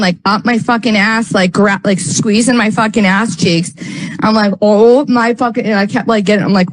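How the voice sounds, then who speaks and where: A woman's voice: medium pitch, poor audio. A woman telling a story in casual livestream talk, rambling with many fillers, swearing, and getting heated.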